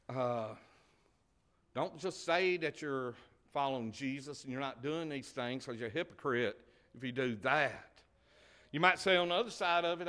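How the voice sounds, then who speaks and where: A man preaches, his voice bright and forceful at mid pitch. He presses his points with rising volume, then drops back to soft, hushed asides. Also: expressive, moderate pace. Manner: impassioned, swinging from loud emphasis to quiet murmurs. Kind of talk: sermon.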